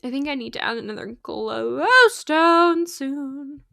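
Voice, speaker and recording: A woman's voice: high-pitched, expressive, slow, creaky, bright, forceful tone, dry recording, clean studio sound. A young woman chatting casually while livestreaming a game, rambling with lots of fillers and laughs, sleepy and yawning. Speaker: streamer.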